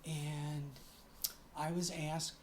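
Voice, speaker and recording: A woman's voice: low-pitched, level tone, drawn-out words, a little mellow, slight background noise. A middle-aged woman chatting to camera in a casual vlog, often stopping to correct herself. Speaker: vlogger.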